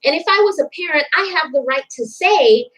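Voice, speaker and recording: A woman's voice: high voice, animated, fairly quick, a bit bright, low-quality recording. A young woman commenting on a TV clip in a reaction vlog, outspoken and indignant, stressing her points with emphasis.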